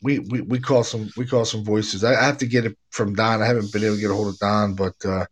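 A man's voice: on the low side, steady tone, fast talker. Laid-back man telling ghost stories. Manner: laid-back storytelling, says "man" and "dude" a lot. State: stuffy nose. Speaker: podcast host, paranormal investigator. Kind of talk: casual chat.

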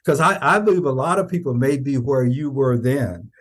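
A male interviewer with a mid-pitched, slightly husky voice draws his guest out with earnest, encouraging questions. He often restarts a phrase before landing on what he means. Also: expressive, normal speed, a bit bright. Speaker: podcast host.

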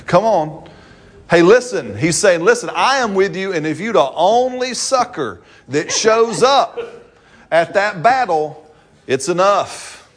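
A man preaching a sermon, playful and animated, often breaking into laughter and call-and-response with the congregation. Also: high voice, takes it slowly.

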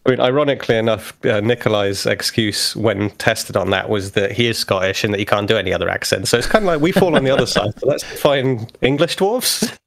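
A man's voice: lowish voice, a little fast, vocal fry, few pauses. Chatty man co-hosting a game podcast. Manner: chatty, thinks aloud, frequent swearing and laughs. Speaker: podcast co-host. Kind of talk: casual chat about worldbuilding for a tabletop game.

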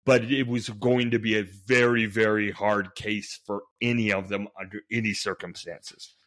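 A man's voice: on the low side, little pitch movement, normal speed, a bit bright. Man thinking aloud as a podcast host. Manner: thinks aloud, frequent restarts and fillers. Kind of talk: conversational podcast narration.

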